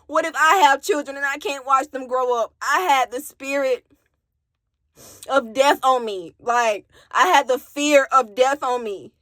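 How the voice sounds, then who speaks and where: A woman from Alabama speaks in a somewhat high voice. She tells her own story in a raw, candid way, cursing and talking straight to her viewers. The sound is dry, with no room echo. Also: a little slow, a bit bright. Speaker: vlogger telling her story. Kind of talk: emotional personal storytime.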